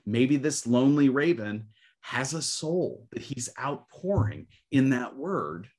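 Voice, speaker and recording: A man's voice: mid-range voice, lively intonation, takes it slowly, darkish tone. A man teaching literature in an online webinar, reading verse aloud with rhythmic swells, then explaining it with many fillers. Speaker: literature professor. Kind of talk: webinar lecture with recitation. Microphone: webcam or desk mic on a video call.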